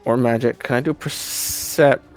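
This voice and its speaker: A man's voice: mid-range voice, steady tone, moderate pace, a little mellow, faint music behind. A man playing a tabletop game, thinking aloud about his next move. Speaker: player.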